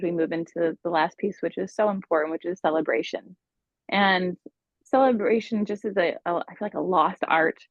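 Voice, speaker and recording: A woman relationship coach, a guest on a podcast, telling stories in a lively, conversational way. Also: medium pitch, gravelly, no room sound, dull audio. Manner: expressive, conversational storyteller.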